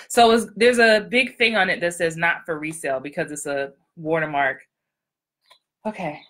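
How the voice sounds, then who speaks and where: A woman acting coach talking to viewers in a casual livestream, excitable and upbeat. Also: sits low, a little hiss or hum.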